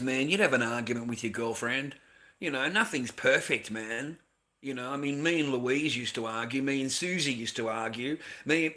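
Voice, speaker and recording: A man's voice: mid-range voice, pushed and bright. A middle-aged Australian man ranting casually to his viewers, rambling and lecturing with constant swearing.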